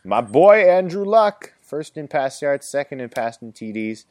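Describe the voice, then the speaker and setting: Animated man ranting about football. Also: fairly high pitch, measured pace. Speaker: sports podcast co-host. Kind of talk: casual sports chat.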